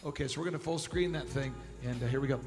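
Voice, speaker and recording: A man hosting a conference on stage, quick and emotional as he introduces the next segment. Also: medium pitch, in a large hall, over music. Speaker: conference host. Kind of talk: live stage emceeing.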